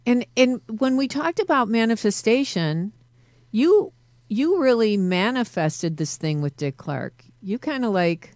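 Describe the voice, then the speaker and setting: A woman's voice: a little high, animated, unhurried, a little mellow, dry recording. A woman hosting a talk show, encouraging her guest with eager follow-up questions. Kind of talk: casual interview chat.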